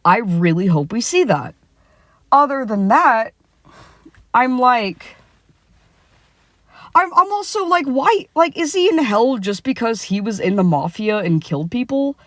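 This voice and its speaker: Young woman, casual rant from a parked car; unhurried, profane, full of "like" and restarts. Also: fairly high pitch, lively intonation, fairly bright tone, dry recording, studio quality. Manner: heated, swearing, lots of fillers and restarts. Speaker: vlogger. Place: sitting in a car.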